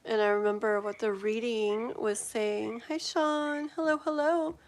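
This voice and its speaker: Woman, forties, slightly high voice, tarot reader, casual livestream chat, rambling, giggly, lots of fillers. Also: fairly even intonation, unhurried. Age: 40s.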